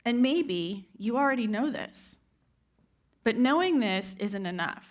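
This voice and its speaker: A woman's voice: a little high, lively intonation, unhurried. A woman delivers a motivational talk on stage. She tells her story with heartfelt conviction and often turns to address the listeners directly. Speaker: keynote speaker. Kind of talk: inspirational speech. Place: event stage before a live audience.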